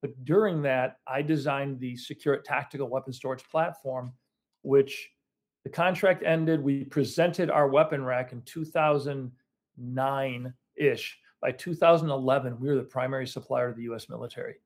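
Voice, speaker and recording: A man with a mid-range voice speaks at normal speed in a steady tone. He owns a business and tells his story casually in an interview, wandering, self-correcting, restarting, and using plenty of fillers.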